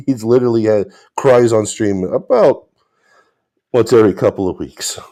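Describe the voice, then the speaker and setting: A man's voice: fairly low pitch, a little slow, dark tone. A man co-hosting a podcast, chatting casually and chuckling as he comments. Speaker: podcast co-host.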